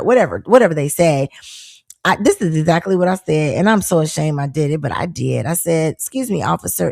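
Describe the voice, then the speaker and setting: A middle-aged woman hosts a live podcast, chatting casually and animatedly with viewers, with fillers and laughter throughout. Her voice is fairly low with vocal fry and a darkish tone, captured as a dry, clean studio recording.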